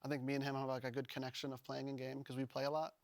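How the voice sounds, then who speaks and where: Casual young pro gamer, halting. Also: male voice, medium pitch, monotone, no room sound. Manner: casual, filler-heavy, halting. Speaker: pro esports player. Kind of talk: post-match interview answers.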